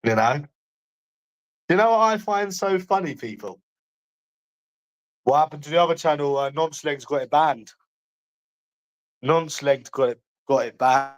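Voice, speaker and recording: A man's voice: on the high side, lively intonation, unhurried, long pauses, rough recording. A man with a London accent chatting casually to viewers on a livestream, blunt and mocking, swearing often.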